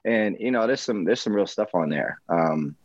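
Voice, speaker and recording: A man guest in a casual interview, talking in a relaxed, rambling way with many fillers and restarts. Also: lowish voice, normal speed, no echo, lo-fi sound. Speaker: rapper guest. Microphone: video call.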